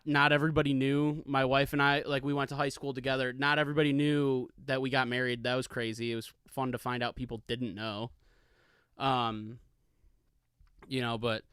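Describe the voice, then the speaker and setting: A man's voice: medium pitch, fairly bright tone, clear, resonant tone, dry recording. A man in his thirties hosting a casual solo podcast, rambling and swearing freely in a laid-back way on a studio microphone. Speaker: podcast host. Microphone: studio microphone with pop filter.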